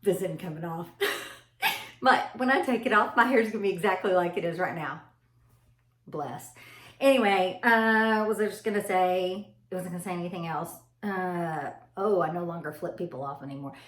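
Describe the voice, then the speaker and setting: A woman, chatting casually to camera about parenting. She tells stories in an animated way, laughs often and calls her viewers y'all. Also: on the low side. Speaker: mother vlogging about parenting. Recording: echoey room.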